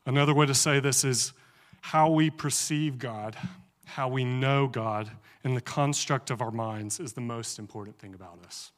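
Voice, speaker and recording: A man preaching a casual sermon and reading scripture aloud, speaking conversationally and often pausing on fillers. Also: medium pitch.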